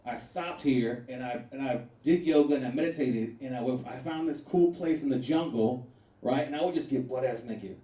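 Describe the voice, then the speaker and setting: A man performing a stand-up comedy set, loud and animated, laughing through his punchlines and jumping to sudden shrieks. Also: medium pitch, normal speed. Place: comedy venue with a live audience. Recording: echoey room from far off with faint noise.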